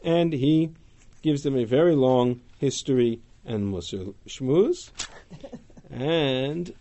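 Gravelly-voiced man teaching a text class. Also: medium pitch, slow pace, lo-fi sound, slight background noise. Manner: animated, reads Hebrew verses then paraphrases them. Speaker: Torah teacher.

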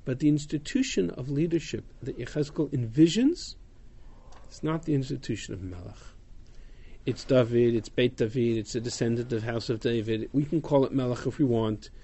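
Here a teacher with a warm, medium-pitched voice reads verses aloud to his students, then translates and explains them. He handles their questions in a relaxed, casual way during the text-study class.

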